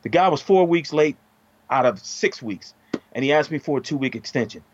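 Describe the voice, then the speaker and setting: A middle-aged man telling a story in casual podcast chat, profane and animated, his voice jumping up when he gets heated. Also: on the high side, brisk, dull audio, slight background noise. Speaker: podcast co-host.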